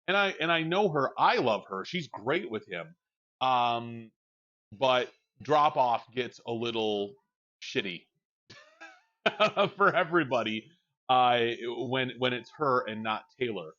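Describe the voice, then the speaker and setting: A man's voice: mid-range voice, lively intonation, slow pace, pushed and bright, highs cut off. A man with a young child streams from home, chatting casually in a rambling, frank way and swearing freely into a desk mic. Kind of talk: casual chat while livestreaming.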